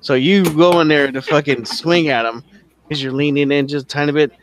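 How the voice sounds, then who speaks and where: A man running a tabletop game as game master, casual and profane, narrating the action and briefly squeaking out characters. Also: fairly even intonation, a little hiss or hum. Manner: casual, profane, acts out characters in quick high voices.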